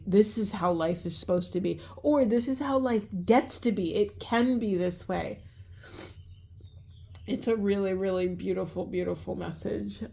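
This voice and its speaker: A woman's voice: mid-range voice, darkish tone. A woman reading oracle cards outdoors by the ocean, talking in an earnest, affirming way with frequent restarts. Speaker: oracle card reader. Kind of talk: spiritual card reading.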